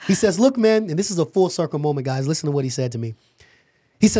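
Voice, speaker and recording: Lively man telling a business story. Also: on the high side, fast talker. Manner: animated storyteller, acts out dialogue. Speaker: podcast guest, security company owner. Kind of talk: storytelling in a podcast interview.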